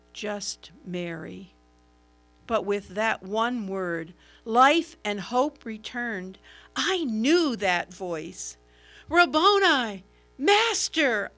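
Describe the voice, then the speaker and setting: A woman's voice: mid-range voice, drawn-out words, creaky, a bit bright, soft background music, heavily acted. A woman voicing Mary, a grieving follower of Jesus, in an earnest and emotional first-person dramatic monologue. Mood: joyful. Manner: earnest, emotional, swelling at moments of wonder.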